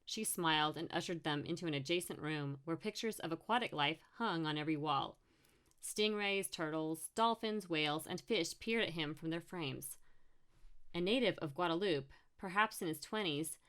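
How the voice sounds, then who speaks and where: A woman's voice: low-pitched, moderate pace, a bit bright. A woman narrating an audiobook short story, giving each character a slightly different voice. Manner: reads every character with small changes of voice.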